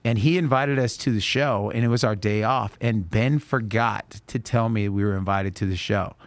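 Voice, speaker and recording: A man hosting a podcast, a musician telling an animated, slangy story in casual chat. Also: fairly low pitch, normal speed, dry recording.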